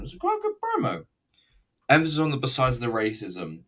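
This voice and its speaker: A man's voice: medium pitch, huge pitch swings, moderate pace, a bit bright. A man giving a rambling, sweary and sarcastic commentary while reviewing a wrestling show. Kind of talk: casual commentary over a recorded show.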